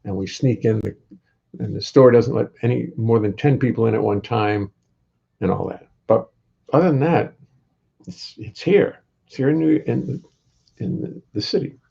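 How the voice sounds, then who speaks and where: Gravelly older man, rambling wry chat. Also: medium pitch, normal speed, dark tone, muffled recording. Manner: rambling, wry, greets viewers by name. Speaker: musician hosting a home livestream. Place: his home.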